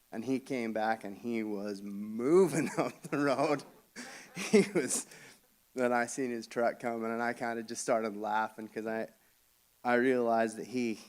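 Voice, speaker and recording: A man telling a family story at a funeral service, speaking haltingly with frequent restarts and soft chuckles. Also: fairly low pitch. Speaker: family member giving a eulogy.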